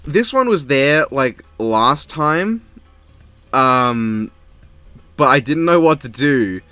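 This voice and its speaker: A man's voice: mid-range voice, animated, slow, bright, forceful tone, smooth, no echo, soft background music. A young man rambling casually into a desk microphone as a video reviewer, self-deprecating and swearing. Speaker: video reviewer reading fan comments. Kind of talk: casual chat.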